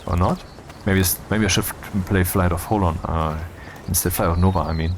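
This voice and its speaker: A man's voice: deep voice, fairly even intonation, brisk, background noise. A man talking casually over gameplay, rambling and cutting himself off, with wry asides. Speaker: video creator.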